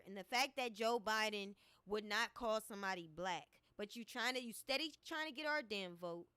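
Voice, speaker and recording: A woman's voice: on the high side, bright, forceful tone, no room sound. A woman giving opinionated commentary on a vlog, speaking emphatically and repeating her points. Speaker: commentary vlogger.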